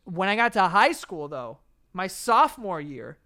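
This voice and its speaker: A young man with a high, smooth voice rambles through a story for a casual podcast. He trips over his words, restarts often and swears freely. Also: very animated, unhurried, sharp tone. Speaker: podcast co-host.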